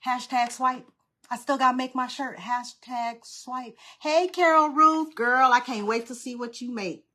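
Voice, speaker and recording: A woman's voice: high voice, measured pace, sharp tone. A woman hosting a live craft stream, chatting casually with viewers and greeting them by name. She talks in an informal, nervous-but-friendly way. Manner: informal, uses "y'all" and "girl". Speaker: craft livestream host.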